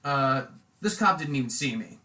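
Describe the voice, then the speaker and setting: Bright-voiced, profane young man storyteller. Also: medium pitch, lively intonation, normal speed. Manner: profane, rambling storyteller who acts out quotes loudly. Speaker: podcast host. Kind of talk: casual storytelling chat.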